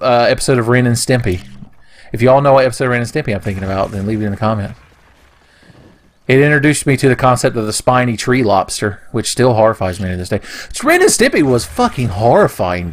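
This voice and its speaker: A young man doing casual let's play commentary, rambling into goofy, profane rants. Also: mid-range voice. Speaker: gaming commentator.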